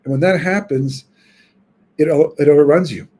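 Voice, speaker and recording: A man's voice: fairly high pitch, moderate pace, dark tone. A rabbi giving a weekly Torah class, talking informally and thinking aloud as he teaches. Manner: informal storytelling, thinking aloud with frequent restarts. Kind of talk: conversational Torah lecture.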